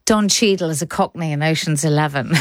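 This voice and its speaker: A woman from India hosting a radio arts show with lively presenting and chatty asides. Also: deep voice, a little fast, no room sound. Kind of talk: broadcast presenting. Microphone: dry studio mic.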